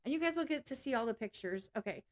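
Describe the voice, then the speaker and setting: A woman chats straight to her stream viewers in a loose, unscripted rant. Her voice sits a little high for a woman, and she is blunt and swears freely. She laughs easily between points. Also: lively intonation, quick pace. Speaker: live streamer. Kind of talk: casual ranting livestream chat.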